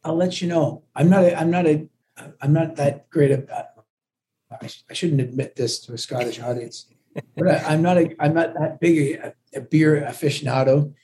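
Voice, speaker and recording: A man with a mellow, slightly husky voice chats as an interview guest. He talks in a friendly, rambling way, restarting his sentences as he goes, and his voice comes over a phone call. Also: fairly high pitch, moderate pace. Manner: chatty, friendly, with many restarts. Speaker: musician guest. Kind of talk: casual phone interview chat.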